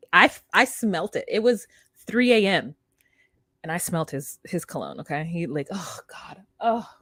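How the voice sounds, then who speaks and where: A young woman co-hosting a casual recap chat, animated, acting out quotes in exaggerated voices. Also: fairly low pitch, unhurried, breathy edge, dry recording. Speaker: podcast co-host.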